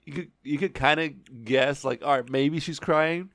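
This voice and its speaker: A man's voice: fairly high pitch, moderate pace, fairly bright tone, no echo, clean studio sound. A man co-hosting a podcast, tossing in short, slangy remarks during casual banter. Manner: short gravelly interjections, slangy. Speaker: podcast co-host.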